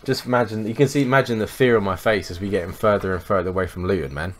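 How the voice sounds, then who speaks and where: A young man, co-hosting a podcast and telling sweary, animated anecdotes in casual chat. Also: lowish voice, racing. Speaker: podcast co-host.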